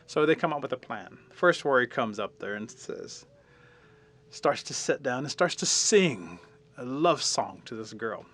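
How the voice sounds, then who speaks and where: A middle-aged man telling a traditional folk tale in a folksy, colloquial, lively way. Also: medium pitch, normal speed. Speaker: storyteller.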